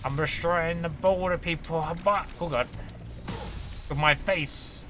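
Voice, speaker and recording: A man streams himself playing a video game and talks through it casually. He yelps and cheers at each hit and miss. Game music plays loudly behind his voice. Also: a little high, unhurried. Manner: excitable, shouts and exclaims at the game. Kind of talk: casual gameplay commentary.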